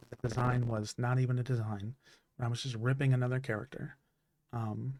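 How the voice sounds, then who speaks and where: A man on a livestream struggles through an emotional thank-you, stopping and restarting with many fillers while his throat turns slightly raspy. His mid-range voice has a darkish tone. No room sound is audible.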